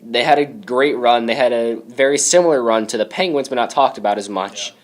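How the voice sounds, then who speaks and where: A man's voice: medium pitch, a little fast. Teasing young man, podcast co-host. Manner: teasing, emphatic short quips. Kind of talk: casual podcast chat.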